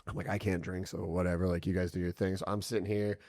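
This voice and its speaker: A man's voice: deep voice, level tone, fast, darkish tone, dry recording, clean studio sound. A man chatting on a podcast, telling long, profane stories in a loose, rambling way. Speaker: podcast guest and coach. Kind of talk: casual chat.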